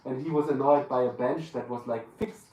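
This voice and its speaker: A man's voice: mid-range voice, fairly even intonation, brisk, dark tone. A man with a German accent, a guest in a live podcast interview, searching for his words as he talks. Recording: roomy live venue, distant mic, faint room noise.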